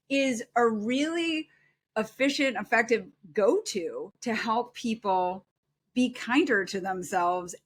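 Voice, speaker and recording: A middle-aged woman psychologist giving earnest, animated advice as a guest in a podcast interview. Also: medium pitch, slightly rough. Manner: earnest, animated, acts out quoted self-talk.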